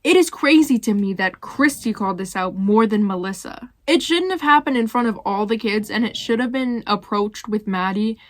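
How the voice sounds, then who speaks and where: A woman's voice: mid-range voice, expressive, normal speed, hardly any pauses, no room sound. Blunt young woman, dry close voice-over. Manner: blunt and opinionated, swears freely. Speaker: YouTuber ranking reality show cast. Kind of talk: casual commentary voice-over.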